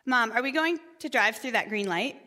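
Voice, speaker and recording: A woman's voice: fairly high pitch, expressive, moderate pace, pushed and bright. A woman imitating her talkative young child firing off questions. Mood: curious.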